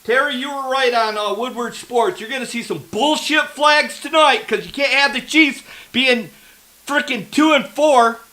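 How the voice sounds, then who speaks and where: High-voiced man furiously ranting at refs. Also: normal speed, sharp tone, rough recording. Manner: angry ranting, heavy swearing; heckles the referees. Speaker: football fan. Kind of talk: live game reaction commentary.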